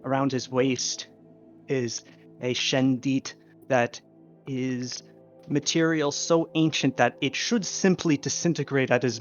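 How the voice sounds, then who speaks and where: Male game master, slow descriptive narration, dull lo-fi sound, faint music behind. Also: medium pitch. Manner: unhurried descriptive narration with fillers. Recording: dull lo-fi recording.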